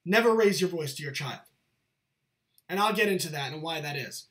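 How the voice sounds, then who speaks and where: A man's voice: fairly high pitch, lively intonation, normal speed, a bit bright. A young man, a show's host, talking in an earnest, lecturing monologue and repeating his points. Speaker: channel host. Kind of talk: casual monologue to camera.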